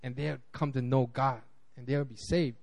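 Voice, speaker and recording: A man pastor giving a casual, conversational sermon, animated and acting out quotes, with frequent restarts. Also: mid-range voice, brisk, gravelly.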